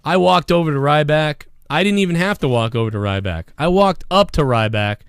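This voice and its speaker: A man hosting a casual livestream show, rambling and swearing a lot, with a hoarse voice. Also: on the high side, brisk, no echo, studio quality. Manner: profane, rambling and animated. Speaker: show host.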